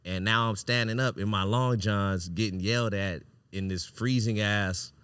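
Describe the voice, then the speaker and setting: A man hosting a podcast, telling a wild personal story in a casual, animated, profane way, often breaking into laughter. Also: lowish voice, normal speed, clean tone, dry recording, studio quality. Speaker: podcast host.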